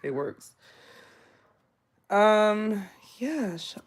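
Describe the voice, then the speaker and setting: A woman in her thirties giving a live tarot reading, talking bluntly in casual, animated bursts with laughing asides. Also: on the low side, normal speed. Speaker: tarot reader and therapist.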